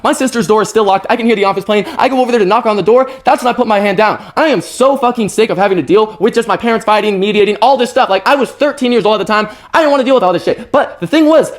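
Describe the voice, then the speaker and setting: A young man from North Idaho rattles off a personal story at breakneck speed, his voice pitched fairly high for a man. The telling is casual, animated and full of swearing. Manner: rapid, profane, animated storytelling.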